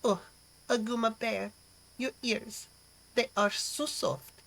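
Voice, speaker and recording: A woman putting on an exaggerated, snooty French accent, speaking slowly and breathily. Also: a little high, steady tone, vocal fry, a bit bright, full character voice. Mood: sultry.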